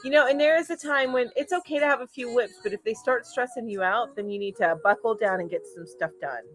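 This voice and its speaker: A woman hosts a relaxed live stream from home, reading out viewer comments and answering them. Her voice sits a little high, and she gushes and chats with plenty of ums along the way. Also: fast talker. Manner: gushing and chatty, coos over her pet, many fillers. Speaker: host of a weekly crochet live chat.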